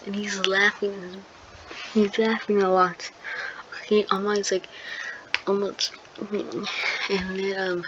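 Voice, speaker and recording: A woman's voice: medium pitch, level tone, unhurried, long pauses. A woman improvising a fan-fiction retelling, rambling with many ums, likes and restarts. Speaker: storyteller. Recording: dull lo-fi with loud noise.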